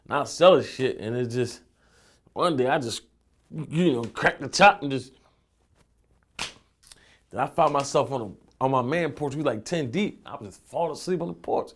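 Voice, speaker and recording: A man's voice: medium pitch, animated, normal speed, long pauses, a bit bright. A young man from Philadelphia, a rapper being interviewed, telling loose streetwise stories full of profanity and "you know what I'm saying.". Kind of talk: casual interview storytelling.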